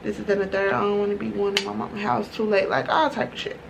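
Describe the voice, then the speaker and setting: A woman vlogger tells a storytime while she does her makeup, full of slang and swearing. Her delivery is loose, animated and unfiltered. The recording is noisy, with a steady hiss behind her. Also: mid-range voice, fast talker, creaky. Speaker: beauty vlogger.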